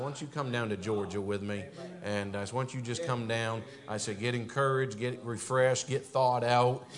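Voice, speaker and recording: Casting northern US man, visiting pastor at the pulpit, mid-range voice, chatty filler-heavy church talk. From northern United States. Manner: frequent "and, uh" fillers, grows louder and higher when exhorting. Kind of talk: church pulpit greeting and testimony. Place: church sanctuary.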